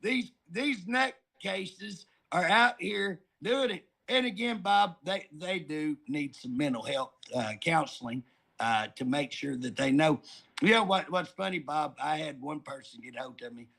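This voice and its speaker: Middle-aged Oklahoma man, high gravelly voice, folksy joker telling stories. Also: lively intonation, normal speed, fairly bright tone. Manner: folksy, joking, drawling storyteller. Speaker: politician guest. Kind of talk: casual talk show chat.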